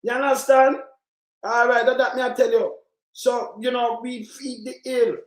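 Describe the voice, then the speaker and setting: On his own channel, a man with a Jamaican accent delivers a heated political rant, rambling, full of patois and frequent swearing. He speaks at normal speed in a very high-pitched voice with little pitch movement, in an echoey, roomy recording.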